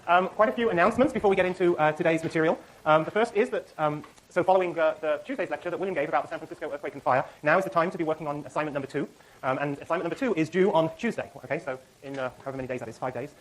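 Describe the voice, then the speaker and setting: Speaking a little high, a middle-aged man who lectures at a university runs through class announcements quickly, stumbling over fillers and correcting himself as he goes in the lecture hall.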